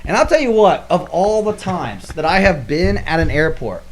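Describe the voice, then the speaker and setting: A man's voice: sits high, big pitch swings, normal speed. A man co-hosting a podcast, telling a story in casual chat and acting out his own reactions. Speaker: podcast co-host.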